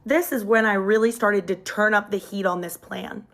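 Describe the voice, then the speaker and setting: A woman's voice: medium pitch, fairly even intonation, normal speed, a bit bright. A young woman telling a dramatic personal story in a chatty, casual storytime style, leaning hard on emphasis.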